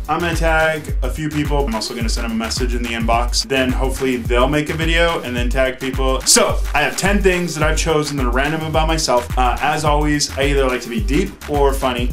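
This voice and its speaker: A man's voice: a little high, a bit bright. A man in his thirties telling random stories about himself to camera in a chatty, joking way. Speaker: vlogger. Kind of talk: casual to-camera vlog.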